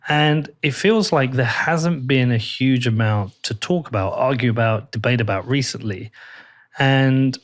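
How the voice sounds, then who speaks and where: A man's voice: mid-range voice, a little slow. A man hosting an in-person interview at a table, blunt and jokey, swearing casually. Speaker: podcast host. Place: in-person recording at a table in a room.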